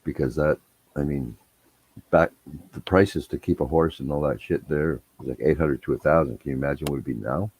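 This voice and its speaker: A man's voice: very deep voice, fairly quick, a little mellow, slightly rough. A man telling rambling, profane anecdotes in casual chat. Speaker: storyteller.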